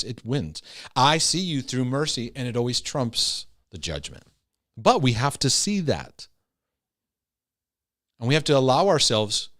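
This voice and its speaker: A man's voice: medium pitch, a bit bright. Middle-aged guy teaching casually about faith and anxiety, chatty, acts out voices, keeps checking in with his listeners. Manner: conversational, acts out voices with tag questions. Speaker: Christian teacher on anxiety and OCD.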